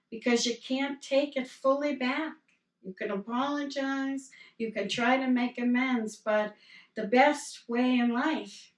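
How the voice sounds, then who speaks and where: A woman reverend giving a sermon, telling parable stories in a gentle, unhurried way. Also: fairly high pitch. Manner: slow, gentle storytelling with quoted dialogue. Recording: roomy sound from a distance.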